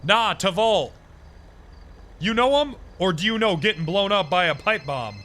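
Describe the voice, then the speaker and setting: A man's voice: high-pitched, animated, measured pace, fairly bright tone. A man playing a crude, cackling street thug who threatens people with a pipe bomb in improvised game role-play. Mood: threatening.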